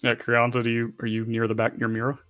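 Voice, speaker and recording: A man's voice: mid-range voice, monotone, fast, a bit bright, faint music behind. A man narrating as game master of a tabletop game, in a loose, rambling way with fillers.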